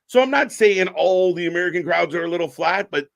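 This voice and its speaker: A man's voice: high-pitched, lively intonation, a little fast, gravelly, dry recording, studio quality. A man from Canada co-hosting a wrestling live stream, chatting casually, greeting viewers by name and laughing often.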